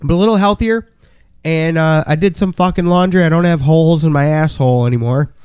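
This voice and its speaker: A man's voice: a little high, fairly quick, darkish tone, clear, resonant tone, no room sound. A man co-hosting a podcast, talking in a crude, profane, boisterous casual way. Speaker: podcast co-host. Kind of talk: casual chat.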